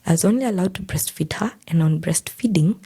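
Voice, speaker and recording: A young Kenyan woman with a low, husky, gravelly voice tells a personal story on a podcast. Her tone stays dark and mellow. She acts out each person's quoted lines as she goes. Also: brisk. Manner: recounts events by acting out quoted dialogue. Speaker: podcast guest.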